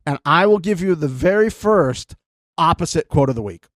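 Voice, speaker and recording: A man's voice: on the high side, lively intonation, normal speed, fairly bright tone, no room sound, clean studio sound. A man co-hosting a comedy podcast, chatting casually with sarcastic, jokey banter. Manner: sarcastic, jokey, mock-outraged. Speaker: podcast co-host.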